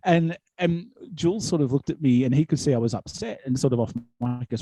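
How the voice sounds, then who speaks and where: An Australian man with a mellow, darker voice tells wrestling stories in a loose podcast chat. He rambles, restarts his sentences and fills gaps with ums and likes. The sound is dry and close, with no room around it. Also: mid-range voice, fast talker, slightly rough, no echo. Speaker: wrestling commentator and promoter, guest.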